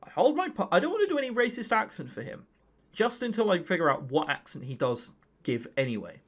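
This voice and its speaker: A man's voice: sits high, big pitch swings, a little fast, fairly bright tone. A man in his twenties with an English accent, reading a visual novel aloud and making joking, rambling asides. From England. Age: 20s. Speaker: let's play host.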